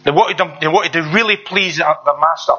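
A man's voice: fairly high pitch, a little fast, bright, forceful tone, husky. A man preaching a sermon in an earnest, conversational way, repeating himself and asking the listeners rhetorical questions. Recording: dull lo-fi recording.

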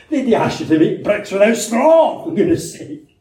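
A man's voice: high-pitched, very animated, moderate pace, warm tone. A man preaching a sermon in a conversational way, asking rhetorical questions and telling anecdotes, heard in a church. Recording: very echoey church hall from a distance.

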